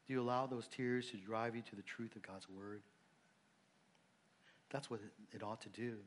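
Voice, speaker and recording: A man preaching a sermon, earnest and conversational, dropping low and soft on emotional points and rising when he stresses a point. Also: steady tone, moderate pace. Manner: conversational asides and restarts. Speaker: pastor.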